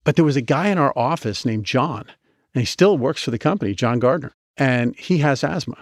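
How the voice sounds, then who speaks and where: A man being interviewed on a podcast, telling stories in an animated, chatty way with many restarts. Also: mid-range voice, brisk, dry recording, clean studio sound. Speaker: guest, medical device inventor.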